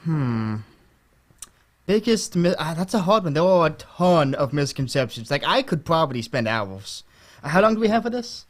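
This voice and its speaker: A weary teenage boy ghost voiced by a man, high-pitched and sardonic, fed up with the afterlife. He hesitates and restarts often, and his pitch swings widely when he gets exasperated. This is a comedy sketch interview. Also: big pitch swings, moderate pace. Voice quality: hesitant, full of ums and restarts. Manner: sarcastic and exasperated.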